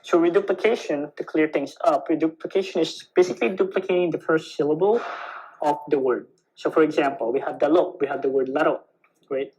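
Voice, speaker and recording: A man's voice: a little high, steady tone, a little fast, darkish tone, rough recording. A young man giving an online language lesson, patient and repetitive, checking in with "right?" as he explains. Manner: patient, repeats key words with "right?". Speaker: language teacher.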